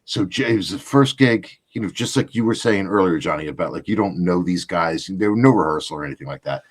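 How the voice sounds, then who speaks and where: A man hosting a casual chat, telling a gig story in an animated way. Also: deep voice, quick pace. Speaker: podcast host.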